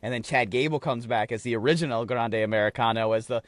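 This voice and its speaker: A man co-hosting a podcast, telling an animated story in casual chat and swearing freely. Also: mid-range voice, fast, no echo. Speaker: podcast co-host.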